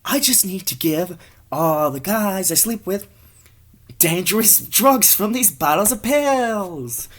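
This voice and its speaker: A whiny young woman, as a man puts her on, pitched well above his own voice. She drags her words out in a lazy drawl. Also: lively intonation, takes it slowly, fairly bright tone, full character voice. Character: young woman fretting about her reputation.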